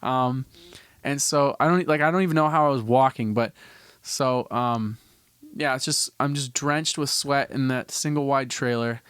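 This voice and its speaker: A man's voice: mid-range voice, moderate pace, a bit bright, clear, resonant tone, no echo. A young man from Canada hosting a podcast, telling a story in a loose, rambling way with lots of restarts and casual swearing. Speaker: podcast host.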